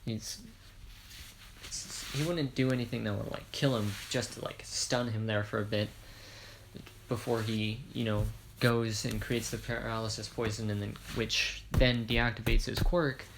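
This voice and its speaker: Gravelly man rambling through a story. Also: lowish voice, steady tone, measured pace, background noise. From Ireland. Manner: rambling, self-correcting, jokey asides. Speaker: fan storyteller. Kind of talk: casual spoken retelling of a fan story.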